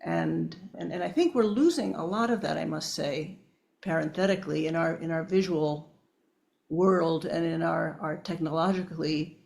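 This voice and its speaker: A woman's voice: sits low, moderate pace, gravelly, a little mellow. A woman speaking as an interview guest, explaining research in an emphatic, conversational way and sometimes addressing listeners directly. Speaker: guest neuroscientist.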